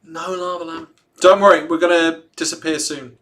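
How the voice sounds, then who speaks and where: A man's voice: on the high side, steady tone, normal speed, fairly bright tone. A man hosting a casual livestream, reading a statement aloud and chatting and joking with his viewers between lines. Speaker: livestream host.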